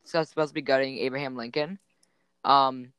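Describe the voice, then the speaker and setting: A man's voice: medium pitch, steady tone, normal speed, sharp tone, clean tone, no echo. A teenage boy co-hosting a goofy podcast, joking and rambling with restarts. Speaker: podcast co-host. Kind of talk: goofy casual chat.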